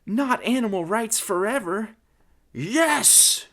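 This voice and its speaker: A man voicing a brave, lovestruck young female lab pigeon with high, pleading cries. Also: very animated, takes it slowly, bright, forceful tone, heavily acted.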